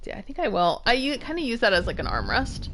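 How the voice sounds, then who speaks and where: A woman's voice: on the high side, huge pitch swings, fast, fairly bright tone. A young woman casually commenting while she streams a game, tired and yawning, chatting and laughing as she reads item text aloud.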